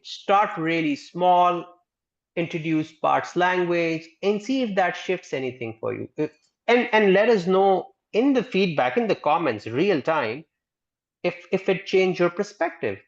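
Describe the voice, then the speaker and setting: A man's voice: sits high, sing-song, measured pace, highs cut off. A man co-hosting a casual therapy discussion over a video call, speaking earnestly and repeating words as he starts. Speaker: therapist and book club co-host.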